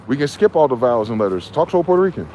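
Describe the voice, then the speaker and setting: A man's voice: medium pitch, big pitch swings, mellow, lo-fi sound, a little hiss or hum. A man from New Jersey delivering a heated, profane ranting monologue as a vlogger. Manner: profane, heated, fast-talking.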